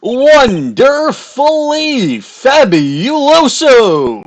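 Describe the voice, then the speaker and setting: A man's voice: very high-pitched, big pitch swings, voice pushed up, full character voice. A man voicing a flamboyant young male showman who gushes and drags out his words theatrically. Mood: flustered showy. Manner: gushing, theatrical, drawn-out words.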